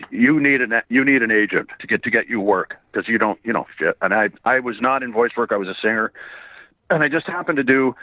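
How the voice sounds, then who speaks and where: A slightly hoarse man, born in Ireland and raised in Canada, telling stories as an interview guest, laughing often and swearing casually. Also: medium pitch, dry recording. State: a bit hoarse. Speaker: voice actor and singer guest. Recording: dry tinny phone-like line.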